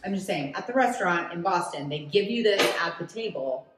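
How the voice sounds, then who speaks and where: A woman's voice: on the low side, expressive, fairly quick. A woman chatting in a home kitchen, asking curious questions and joking while helping cook. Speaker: co-host. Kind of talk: casual cooking chat. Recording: echoey kitchen with music behind.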